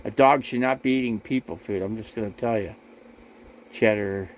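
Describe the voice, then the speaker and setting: A man's voice: fairly low pitch, moderate pace, slight background noise, rough recording. Rambling, defensive man live-streaming. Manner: rambling, repetitive, defensive, addressing viewers directly. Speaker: RV living livestream host. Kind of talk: casual livestream talk to chat.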